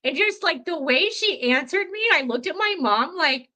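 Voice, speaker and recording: A woman's voice: sits high, expressive, moderate pace, few pauses, sharp tone. A woman in her fifties telling a personal story in a casual, rambling way, full of fillers, self-corrections and easy laughter. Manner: laughs easily. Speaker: podcast storyteller.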